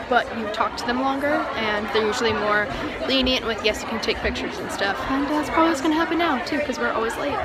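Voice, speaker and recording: A young woman vlogging, talking with gushing, breathless excitement as a book fan. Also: fairly high pitch. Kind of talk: excited vlog chat. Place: crowded bookstore and city streets. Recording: busy crowd and street noise behind.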